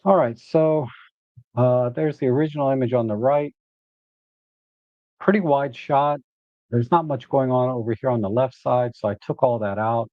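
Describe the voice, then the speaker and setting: A man hosting a live photo editing walkthrough, relaxed and thinking aloud as he works. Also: mid-range voice, normal speed, long pauses, dry recording, narrow, tinny audio.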